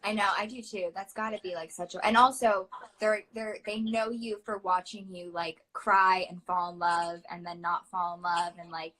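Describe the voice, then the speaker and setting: Young woman rambling on a phone live, bright voice, giggly, keeps tangling her words. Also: on the low side, steady tone, moderate pace, poor audio. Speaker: co-host of a livestream. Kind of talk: casual chat.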